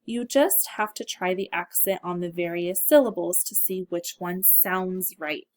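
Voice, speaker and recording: A woman teaching a phonics lesson to children, speaking clearly and encouragingly. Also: fairly low pitch, unhurried, a little mellow.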